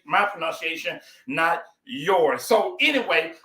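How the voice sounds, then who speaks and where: Effusive high-voiced man, echoey kitchen. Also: animated, moderate pace, few pauses, bright, forceful tone. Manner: folksy, effusive, greets viewers by name. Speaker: host of a live cooking stream. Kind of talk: casual live cooking chat.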